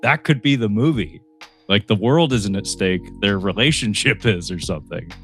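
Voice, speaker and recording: A man's voice: lowish voice, normal speed, soft background music. A man hosting a film podcast, chatting casually, rambling and breaking into laughter. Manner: rambling, laughing, animated impressions. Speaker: podcast host. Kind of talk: casual chat.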